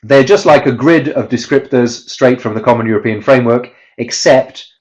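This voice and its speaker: A man's voice: mid-range voice, moderate pace, a little mellow. A man presenting a webinar on pronunciation teaching, talking through slides and often stopping to restart with fillers. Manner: hesitant, many fillers and restarts. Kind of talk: online teaching talk.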